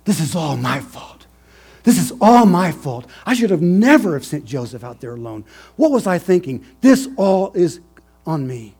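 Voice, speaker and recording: Brief: preacher playing an old father wracked with guilt, husky and warm, voice climbing as he repeats himself. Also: fairly high pitch, very animated, normal speed, voice pushed up, heavily acted. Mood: anguished.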